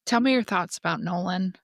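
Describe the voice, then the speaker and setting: A woman's voice: lowish voice, a bit bright, no echo, studio quality. A young woman co-hosting a book podcast in casual chat, hesitant and asking questions. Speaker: podcast co-host.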